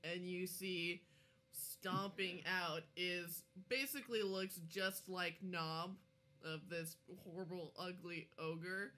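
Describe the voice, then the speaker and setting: A woman's voice: fairly low pitch, fairly even intonation, takes it slowly, pushed and bright. A woman narrating as game master of a tabletop game, giggling often.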